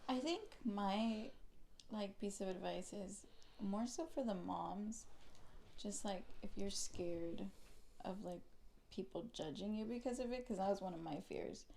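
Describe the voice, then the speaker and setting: A young woman co-hosting a laid-back podcast, her voice gravelly with fry and dark in tone. She rambles as she talks, filling her sentences with "like" and "you know.". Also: medium pitch, unhurried, slight background noise. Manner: rambling, many "like" fillers. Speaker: podcast co-host. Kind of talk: casual chat.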